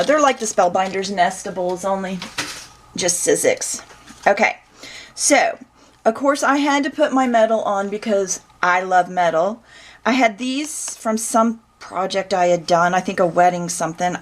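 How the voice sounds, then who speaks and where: A woman's voice: mid-range voice, a little hiss or hum. A woman, chatting casually as she shows off a handmade scrapbook, folksy and searching for words as she goes. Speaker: crafter showing her scrapbook. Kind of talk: casual show-and-tell walkthrough.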